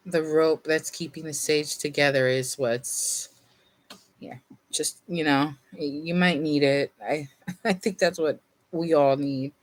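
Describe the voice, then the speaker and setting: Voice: medium pitch, fairly even intonation, unhurried. Sleepy, rambling tarot reader. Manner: rambling, self-interrupting, with laughs and fillers; reads card meanings from a guidebook aloud. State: sleepy, yawning. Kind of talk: casual tarot reading to camera.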